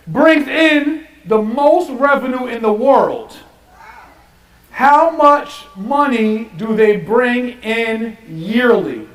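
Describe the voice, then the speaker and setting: Man, very high voice, game show host, energetic crowd hype, echoey stage. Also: very slow, far from the mic. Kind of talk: live game show hosting. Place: stage with live studio audience. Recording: echoey live venue. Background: audience.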